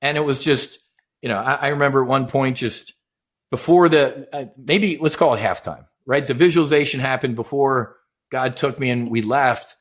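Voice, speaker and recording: An intense middle-aged man telling a personal story with passion and lots of acted-out dialogue. His voice sits at an ordinary middle pitch. He swears freely and speaks with a casual, unpolished edge. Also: moderate pace. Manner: intense, swearing, animated retelling with quoted dialogue. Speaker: guest, former naval aviator. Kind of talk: emotional storytelling in casual chat.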